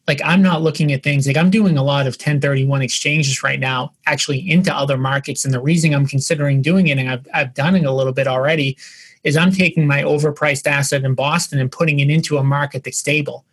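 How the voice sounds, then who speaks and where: A man hosting a casual podcast interview, himself a real estate investor, asking loose, rambling questions full of restarts. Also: on the high side.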